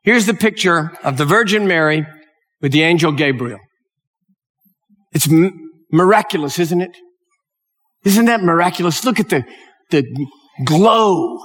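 A man's voice: fairly high pitch, lively intonation, a little slow, pauses often, fairly bright tone, big-room sound. A man preaching a sermon, telling a story with rising emotion and urging his listeners on. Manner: emotional, rising to impassioned exhortation.

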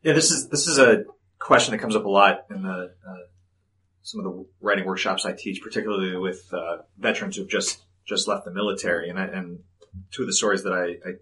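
Male writing teacher, lowish voice, methodical, thinks aloud. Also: brisk, pushed and bright, low-quality recording. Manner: thoughtful, repeats words as he builds points. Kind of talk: panel discussion.

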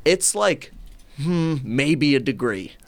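A young man from Minnesota telling a story in a casual, profane, animated way, often laughing as he talks. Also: fairly high pitch, slow.

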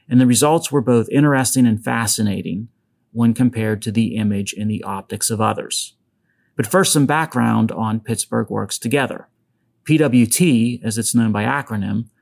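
A man's voice: lowish voice, gravelly, a little mellow. A man from Western Pennsylvania hosting a solo podcast, talking casually with wry asides and a faint, mostly masked local accent. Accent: Western Pennsylvania, softened. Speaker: podcast host.

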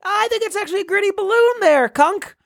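A man's voice: extremely high pitch, animated, a little fast, creaky, dry recording, clean studio sound, voice pushed up, exaggerated voice. Guy putting on a frantic parade radio announcer. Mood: excited. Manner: hyped, rambling, shouty announcer patter. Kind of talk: improvised comedy bit.

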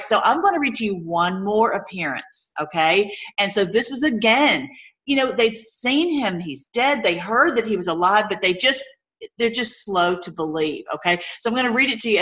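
A woman's voice: mid-range voice, a bit bright, rough recording. Enthusiastic woman teaching the Bible. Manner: enthusiastic, chatty, addresses viewers directly. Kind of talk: informal Bible teaching with scripture reading.

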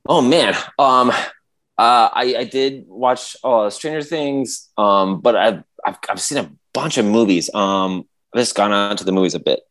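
A man's voice: fairly low pitch, unhurried, fairly bright tone. A man in casual podcast chat, rambling with many restarts as he tells a story, acting out quotes and sound effects. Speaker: podcast co-host.

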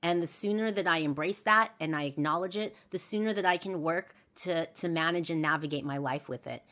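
A woman's voice: fairly low pitch, fairly quick, a bit bright. A young adult woman hosting a podcast, talking candidly and earnestly in a reflective monologue full of fillers and restarts. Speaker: podcast host.

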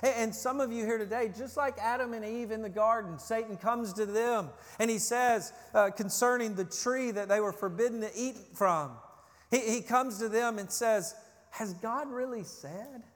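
Pastor guy preaching, kinda high voice, gets loud then drops way down, big echoey hall. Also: normal speed. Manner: urgent preaching, rising loud on warnings, dropping low and quiet on questions. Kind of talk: sermon.

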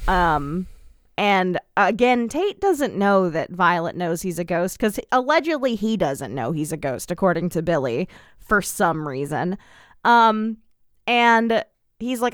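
Sarcastic woman recapping, smooth dry voice. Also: mid-range voice, expressive, slow, fairly bright tone, dry recording. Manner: dry, sarcastic, frequent ums. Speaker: podcast co-host. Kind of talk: casual recap chat.

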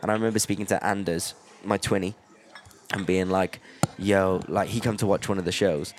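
A young man hosting a podcast, telling stories in a relaxed, casual way and swearing freely. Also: low-pitched, moderate pace. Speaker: podcast host.

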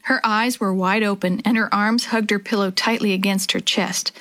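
A woman reads a children's chapter book aloud with clear, expressive storytelling. Her voice sits at a middle pitch. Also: moderate pace. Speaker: narrator.

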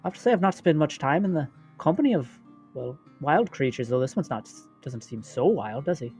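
A woman's voice: sits low, expressive, brisk, a little mellow. A woman playing a genteel, polite lady in a tabletop game, with faint guitar music behind. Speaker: player voicing a genteel lady. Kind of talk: in-character tabletop role-play.

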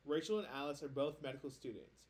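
A man's voice: on the high side, fast, darkish tone. A man co-hosting a casual podcast, reading listener posts aloud and chatting loosely with lots of filler words. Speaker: podcast co-host.

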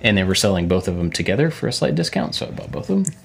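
A middle-aged man chats casually as a podcast co-host. His voice sits a little low, and he rambles through stories with fillers and easy laughter. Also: very animated, racing, creaky, husky. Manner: chatty storyteller, frequent fillers and laughs. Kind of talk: casual chat.

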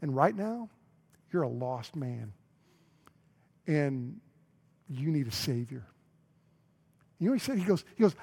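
A male pastor giving a sermon, telling a story with acted-out dialogue and dropping to a hush on key lines. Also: on the high side, very animated, unhurried, pauses often, slightly rough.

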